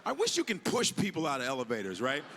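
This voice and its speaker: A man performing a stand-up comedy set on a club stage, acting out characters with sudden shouted outbursts. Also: on the high side, quick pace. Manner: animated, acts out characters with big shouted outbursts. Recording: live club recording with audience noise.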